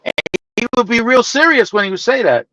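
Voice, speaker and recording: A man's voice: extremely high pitch, expressive, brisk, sharp tone, lo-fi sound. A man in casual group chat, playfully telling a story and teasing his friends.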